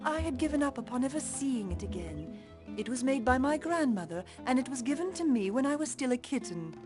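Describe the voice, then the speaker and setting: Gentle, grateful cat-woman. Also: high-pitched, big pitch swings, brisk, music in the background. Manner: formal, old-fashioned politeness. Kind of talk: video game dialogue.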